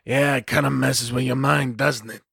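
A man's voice: medium pitch, fairly even intonation, normal speed, gravelly, fairly bright tone, slightly rough, no room sound, studio quality, heavily acted. A man voicing a scrawny, androgynous punk vampire who talks in slangy, drawling threats and sometimes sinks into a whisper. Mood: mocking. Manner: slangy, drawling tough talk.

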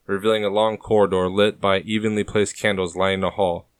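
A man narrating a historical adventure audiobook in a steady descriptive reading. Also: on the low side, fairly quick, clear, resonant tone, no room sound, clean studio sound.

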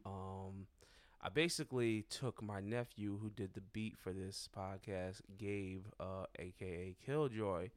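A young adult man, a podcast co-host, telling a story in casual, animated, profane chat. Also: deep voice, unhurried.

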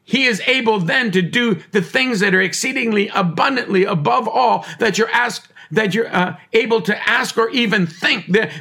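A man's voice: high voice, pushed and bright, breathy edge. A man preaching a sermon with fervent, repetitive cadence.

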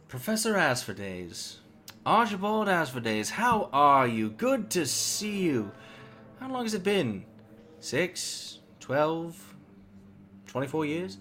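A man's voice: a little high, big pitch swings, fairly bright tone, soft background music, pitched above the performer's own voice, full character voice. A man voicing a scheming male devil who talks in polite, condescending taunts. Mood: mock-cordial. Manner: silky, condescending, drawn-out taunts.

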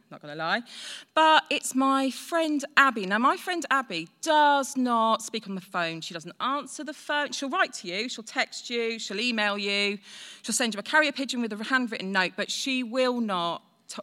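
A woman in her forties tells her own story, chatty and self-deprecating. Her voice is bright and forceful, and it carries a long reverb like a hall. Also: fairly high pitch, expressive, moderate pace. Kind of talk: personal storytelling on stage.

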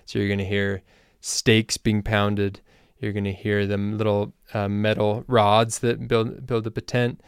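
A man hosting a language-learning podcast, explaining things in a relaxed, casual way with loose fillers. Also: on the low side, a little slow, clean tone, no room sound, clean studio sound. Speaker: language teacher and podcast host. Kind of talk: casual spoken lesson.

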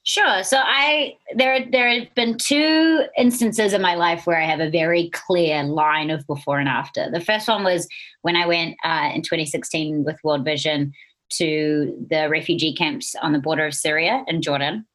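This is a woman in her thirties with a New Zealand accent, talking casually as an interview guest. Her voice sits a little low, and she giggles and bounces between thoughts with bright animation. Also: normal speed. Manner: giggly, animated, laughs often.

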